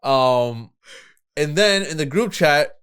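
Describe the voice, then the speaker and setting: A young man co-hosting a podcast in casual chat, animated, laughing often and swearing freely. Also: a little high, slow pace, clean tone. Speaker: podcast co-host.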